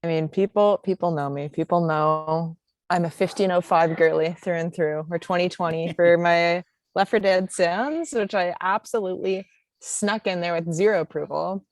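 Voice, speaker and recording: A woman's voice: lowish voice, moderate pace, no echo. A woman on a marathon team, talking in a playful, emphatic way during a casual panel Q&A.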